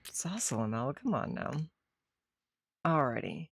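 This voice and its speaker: A woman's voice: very deep voice, big pitch swings, measured pace, husky, no echo. A young woman streamer chatting casually over a game, swearing now and then. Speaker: VTuber streamer.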